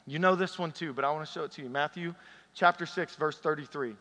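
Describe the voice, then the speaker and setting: A man preaching a sermon to a church congregation, swinging from loud emphatic peaks to soft, intimate passages. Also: on the high side, fast talker, big-room sound. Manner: passionate, rising to loud peaks then dropping soft and intimate. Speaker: pastor. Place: church sanctuary.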